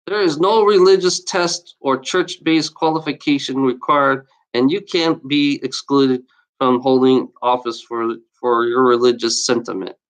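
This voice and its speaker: In a low-quality recording, a vlogger with a mid-range voice reads strange laws aloud and rants about them. He swears nonstop, scoffing in exasperation and letting out derisive laughs between each reading.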